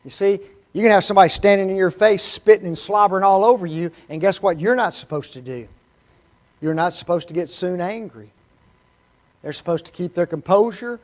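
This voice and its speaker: A man with a notably high voice preaches a sermon in a church. He talks in an animated way and keeps throwing rhetorical questions at the congregation. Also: a little fast.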